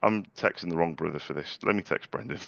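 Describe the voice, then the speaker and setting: Gravelly low-voiced young man, stammering. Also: quick pace, fairly bright tone, no echo, highs cut off. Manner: stammering restarts, chatty and polite. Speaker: small business owner making sales calls. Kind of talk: casual vlog with live phone calls.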